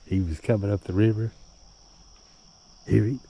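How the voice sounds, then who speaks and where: A man's voice: fairly low pitch, fairly even intonation, moderate pace. A tipsy man vlogging by a river on a handheld camera, rambling and cursing with chuckles in between. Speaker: bikepacking vlogger. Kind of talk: rambling outdoor vlog. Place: outdoors by a river. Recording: outdoor recording with loud nature noise. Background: crickets and insects.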